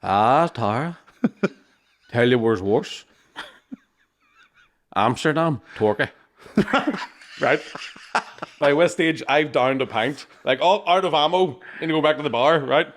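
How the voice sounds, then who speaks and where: An Irish podcast co-host tells a rowdy story in casual chat, his voice a little high, animated and fairly bright. He speaks a little slowly with frequent pauses, swears constantly, keeps tagging lines with "right?" and acts out other people's voices.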